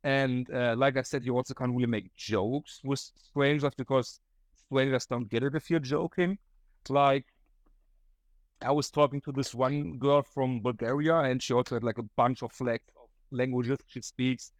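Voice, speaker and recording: A man's voice: medium pitch, steady tone, moderate pace, no room sound. Young German man, German accent, solo podcast host, rambling and profane, dry close mic. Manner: rambling, profane, laughs often, acts out quotes. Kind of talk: casual solo storytelling.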